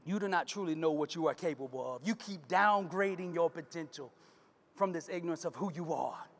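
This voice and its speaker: A man's voice: on the high side, a little fast. A man giving a motivational keynote in a preacher-like style, emphatic and calling out to the crowd for responses. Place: large conference hall. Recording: long reverb of a conference hall.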